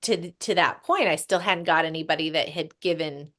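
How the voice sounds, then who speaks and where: A woman's voice: deep voice, a little fast. A woman guest on a radio talk show, casually telling her story, laughing often and acting out what she said back then. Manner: animated, laughs often, acts out quoted speech. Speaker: guest, youth program founder. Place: radio studio.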